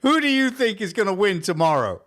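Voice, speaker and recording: A man's voice: high voice, very animated, brisk, fairly bright tone, a little hiss or hum. Playful teasing man hosting a chat. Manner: playful, teasing, steering the talk. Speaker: podcast host. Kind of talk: casual chat.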